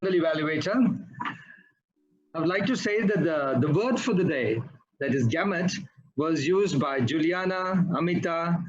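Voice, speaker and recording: Guy, high voice, teachy grammar notes, kinda muffled lo-fi sound. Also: expressive, normal speed, slight background noise. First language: not English. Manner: instructive, corrects usage and pronunciation word by word. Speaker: Toastmasters grammarian. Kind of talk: club meeting feedback report.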